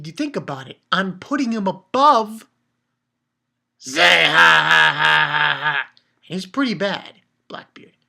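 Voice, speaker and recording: A man giving a casual solo review, rambling in an animated way, swearing often and restarting his sentences. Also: high-pitched, gravelly. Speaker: manga reviewer.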